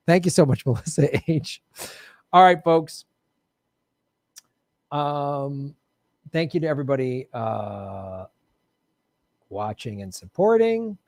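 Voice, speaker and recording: A man's voice: mid-range voice, a little mellow, dry recording, clean studio sound. A male livestream host in casual sign-off chat, loose and chatty, laughing often and thanking viewers by name.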